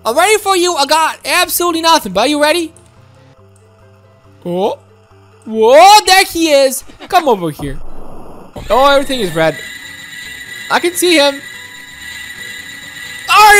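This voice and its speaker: A woman giving excited, exclaiming commentary while playing a video game and talking to her viewers. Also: high-pitched, unhurried, pauses often, soft background music. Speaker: gaming video host.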